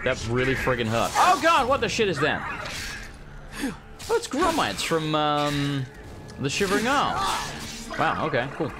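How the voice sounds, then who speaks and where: A man hosting a let's play, casually commenting on his gameplay with jokes, swearing and loud outbursts. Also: on the high side, sing-song, unhurried, pauses often. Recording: game music in background.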